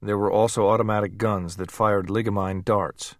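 A man narrating an audiobook in a steady, measured reading voice. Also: lowish voice, dry recording, studio quality.

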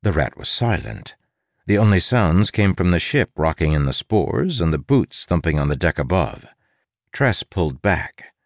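A man's voice: low-pitched, big pitch swings, normal speed, no echo. A man narrating an audiobook with wry, playful asides. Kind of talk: scripted narration.

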